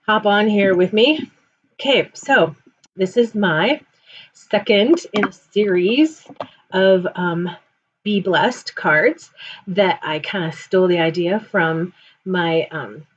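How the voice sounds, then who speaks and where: A woman's voice: mid-range voice, takes it slowly, breathy edge, dull audio. A woman hosting a live card-making tutorial, chatty and rambling, often correcting herself.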